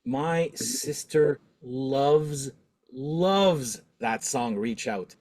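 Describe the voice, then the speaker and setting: A man's voice: medium pitch, drawn-out words. Middle-aged male host, talkative, laughs easily, casual chat. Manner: talkative, animated, laughs often. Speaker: podcast host.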